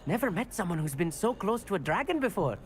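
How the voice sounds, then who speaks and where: A man's voice: high-pitched, big pitch swings, fast talker, slight background noise. An actor playing a cheerful young male student who loves stargazing, speaking in a lilting, formal, enthusiastic way.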